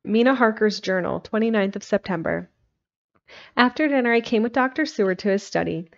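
A woman reading a classic novel aloud, steady with occasional slips and restarts. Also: on the high side, fairly quick. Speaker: narrator. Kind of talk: audiobook reading. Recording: dull lo-fi livestream recording.

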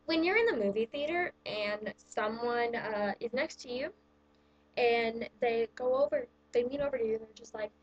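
Woman, vlogger, fairly high voice, casual ranting, sarcastic, exasperated, says "like" often. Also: moderate pace, highs cut off. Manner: exasperated, sarcastic, heavy use of "like". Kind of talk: casual ranting countdown list.

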